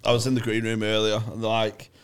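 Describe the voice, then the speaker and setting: A man's voice: on the low side, monotone, fast, clear, resonant tone. A young man co-hosting a comedy podcast, swearing and joking through a laddish ad read. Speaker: podcast co-host. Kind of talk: crude banter and ad read.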